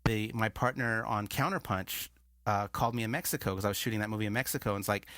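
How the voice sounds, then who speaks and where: A man's voice: lowish voice, fast talker, no echo, clean studio sound. A man, a filmmaker guest, telling a long story in casual chat and acting out the dialogue he quotes. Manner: animated, acts out quoted dialogue.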